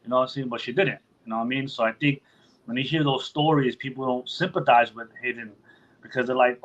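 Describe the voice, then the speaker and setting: A man talking casually as a podcast host, loose and full of swearing, who slips into other people's voices to act out what they would say. His pitch sits in an ordinary middle range. The recording sounds a little dull and lo-fi. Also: steady tone, fast, a bit bright. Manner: loose and profane, acts out quotes in other voices. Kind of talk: casual chat.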